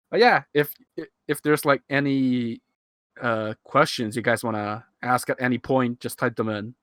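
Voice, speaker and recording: With a medium-pitched, slightly bright voice and fairly even intonation, this Hong Kong man in his twenties talks at a measured pace. He's a streamer giving casual live commentary on his old video, rambling, chuckling and poking fun at himself. His half-American Hong Kong English comes through a cheap USB mic, yet the sound is clean, studio-like and free of room sound.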